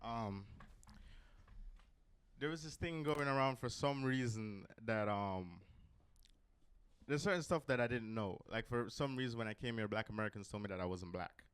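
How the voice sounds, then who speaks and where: A man's voice: mid-range voice, normal speed, fairly bright tone, clean tone. A man from Jamaica doing a stand-up set on a club stage, rambling with many ums between crude punchlines. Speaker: stand-up comedian. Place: comedy club stage with audience.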